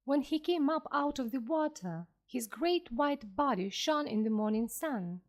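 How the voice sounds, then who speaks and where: Slow, expressive woman reading a story. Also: sits high. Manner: clear, careful and expressive. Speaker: audiobook narrator.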